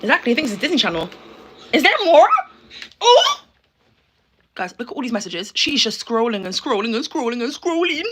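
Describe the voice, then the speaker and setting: A woman's voice: on the high side, animated, fast talker, hardly any pauses, sharp tone, a little hiss or hum. A young woman doing casual reaction commentary, sassy and exclaiming, talking straight to her viewers. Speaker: YouTuber reacting to a video.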